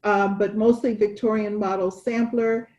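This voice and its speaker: A woman's voice: medium pitch, level tone, normal speed, darkish tone, lo-fi sound. A woman co-hosting a casual cross-stitch chat, chatty and wandering, with restarts. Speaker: cross-stitch podcast co-host.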